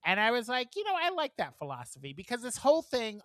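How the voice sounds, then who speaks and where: A man co-hosting a podcast, telling animated, profane stories in casual chat and acting out the people in them. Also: extremely high pitch, fast talker, few pauses, dry recording, studio quality. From moved to New York from elsewhere. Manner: animated, profane storytelling with acted quotes. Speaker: podcast co-host.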